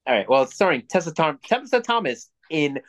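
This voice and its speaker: A man's voice: a little high, big pitch swings, a little fast. Man, podcast co-host, blunt and foul-mouthed, casual opinionated rant. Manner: blunt, profane, opinionated ranting. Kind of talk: casual chat.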